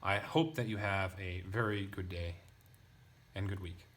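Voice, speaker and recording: A young man with a fairly low voice walks through a passage of ancient Greek grammar, parsing word by word. He talks casually and thinks aloud, stopping for asides and restarting sentences as he goes. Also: fairly even intonation, measured pace, a bit bright, slight background noise. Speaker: Greek language teacher. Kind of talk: casual lesson.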